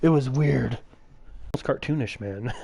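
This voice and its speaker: A man's voice: mid-range voice, animated, unhurried, vocal fry, warm tone, breathy edge. Rambling, swearing young-sounding streamer guy. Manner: rambling, heavy swearing, lots of filler "like". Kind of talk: casual chat while gaming.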